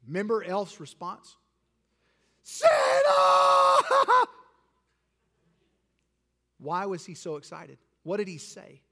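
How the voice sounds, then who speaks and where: A pastor with a somewhat high voice delivers a sermon with an altar call. He builds to emphatic peaks, then drops soft and intimate. His voice rings with the long reverb of a church sanctuary. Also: normal speed, gravelly, hardly any pauses.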